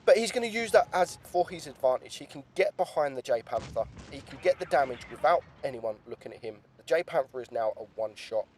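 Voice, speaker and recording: A young man giving lively, chatty play-by-play commentary on a game replay, with some casual swearing. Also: mid-range voice, brisk, hardly any pauses. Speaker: gaming YouTuber.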